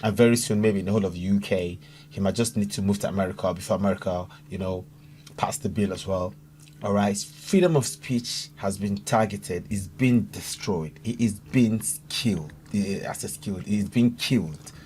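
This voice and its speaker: A man's voice: on the low side, normal speed, darkish tone, slight background noise. A man from Africa hosting a casual reaction video, talking in an earnest, chatty way that repeats itself with fillers. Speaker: YouTube reaction host.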